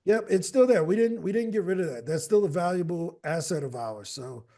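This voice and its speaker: A man's voice: high voice, fairly quick, dark tone. A man in casual video call chat, upbeat and walking someone through his screen share. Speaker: speaker platform representative.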